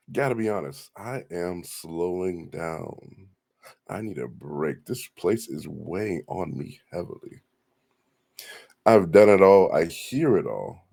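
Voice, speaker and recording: A man's voice: low-pitched, creaky, dark tone, exaggerated voice. A man playing a tired, jaded character who sighs and speaks bluntly. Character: weary jaded man wanting escape.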